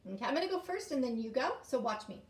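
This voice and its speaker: A woman teacher speaks to young children in an exaggerated sing-song voice, stretching out chants and questions. Her voice sits on the high side. She sounds a little distant from the mic, in a room with noticeable echo. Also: expressive, fast talker. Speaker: kindergarten teacher. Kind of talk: online lesson for young children. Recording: echoey room, voice a bit far from mic.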